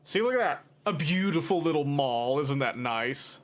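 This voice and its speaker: A man's voice: a little high, expressive, moderate pace. A man streaming a game, chatting casually with his viewers in a playful, teasing and mock-dramatic way. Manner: rambling, talks to chat. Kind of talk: casual live-stream chat while gaming.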